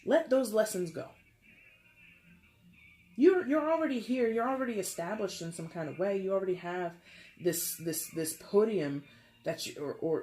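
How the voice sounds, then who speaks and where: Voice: mid-range voice, darkish tone, a little hiss or hum. A tarot reader giving a casual reading, rambling and talking straight to the listener with frequent asides. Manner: rambling, self-interrupting, addresses the listener directly.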